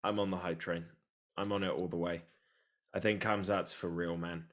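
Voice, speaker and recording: A man co-hosting a podcast, chatting casually and excitably about fights with a joking tone. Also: low voice, normal speed. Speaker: podcast co-host. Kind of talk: casual sports chat.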